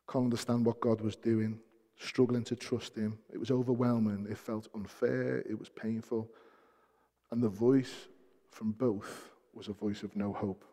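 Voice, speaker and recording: A man preaching a sermon as pastor, shifting between soft, hushed passages and loud, emphatic peaks, repeating key phrases for weight. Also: on the low side. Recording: long hall reverb.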